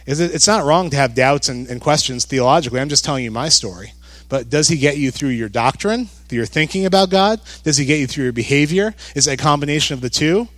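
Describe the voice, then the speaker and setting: Conversational joking pastor preaching a sermon. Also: male voice, a little high, fast talker, dry recording. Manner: conversational, joking, animated emphasis.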